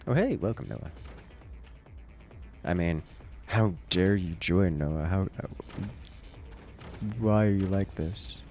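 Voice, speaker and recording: A man's voice: low voice, slow, long pauses, a little mellow, soft background music. An American man with an urban accent, streaming a game and chatting playfully with his viewers. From United States. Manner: playful, joking with chat. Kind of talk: casual livestream chat while playing.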